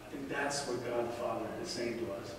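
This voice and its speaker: A man's voice: mid-range voice, fairly quick. A man in his forties giving a conversational sermon as a guest preacher, repeating key lines and pleading with the congregation. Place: large church sanctuary. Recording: echoey hall from far off, faint noise.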